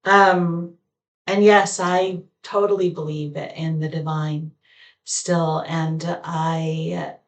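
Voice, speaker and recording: A woman talking alone to her camera at home, meandering through her thoughts with many pauses and fillers. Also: low voice, level tone. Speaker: vlogger. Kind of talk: reflective solo talk to camera. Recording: echoey room, voice far from mic.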